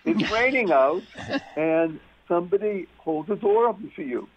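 A man's voice: high voice, expressive, normal speed, breathy edge. A man talking as a guest on a talk radio show, emphatic and repeating key words for stress. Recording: muffled phone-line radio sound.

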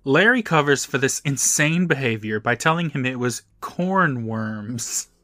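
A man's voice: mid-range voice, lively intonation, measured pace, pushed and bright, no echo. A man co-hosting a podcast, wryly recapping a TV episode and laughing often as he talks. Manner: wry, laughs often, acts out quotes. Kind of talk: casual chat, recapping a TV episode.

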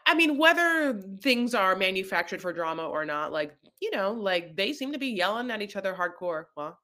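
A woman co-hosting a podcast, chatting through a reality-show recap in a lively, storytelling way. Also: medium pitch, moderate pace. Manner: animated storyteller, acts out the quotes. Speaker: podcast co-host.

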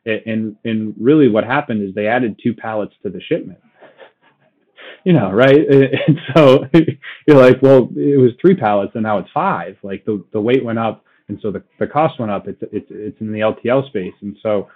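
Man in an interview, lower voice, halting and chatty, thin phone-line sound. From Boston area. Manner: many restarts and "right?" tags, laughs often. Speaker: logistics company guest. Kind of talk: casual interview talk.

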